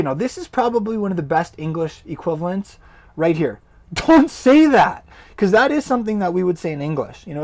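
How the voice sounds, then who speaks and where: A man, likely young, teaching Hebrew words in a casual, animated online lesson. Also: high-pitched. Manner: animated, informal, bursts into loud exclaimed words.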